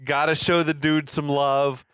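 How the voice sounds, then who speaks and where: A man with a smooth, clear voice, co-hosting a casual movie podcast. He talks in a relaxed, easygoing way, swearing offhandedly and filling with like. The recording is dry and close. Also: fairly high pitch, unhurried, dry recording. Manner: relaxed, laid-back, swears casually, trails off with like. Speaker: podcast co-host.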